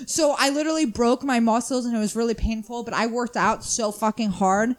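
Brash, high-pitched young woman. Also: steady tone, fairly quick. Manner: brash, swears a lot, laughs often. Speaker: podcast guest. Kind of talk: casual chat.

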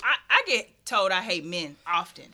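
A woman's voice: fairly low pitch, big pitch swings, moderate pace, sharp tone. A woman co-hosting a podcast, making blunt, pointed arguments. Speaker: podcast co-host. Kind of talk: casual podcast chat.

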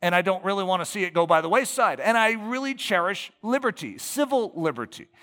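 A man's voice: sits high, expressive, brisk, pushed and bright, in a large hall. An American man preaching a sermon as pastor, building emphatic lists and rhetorical questions.

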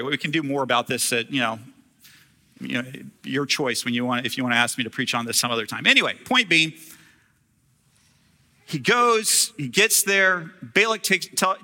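A man's voice: fairly high pitch, bright, forceful tone. A man preaching a sermon as a pastor, retelling a scripture story in casual, humorous storytelling.

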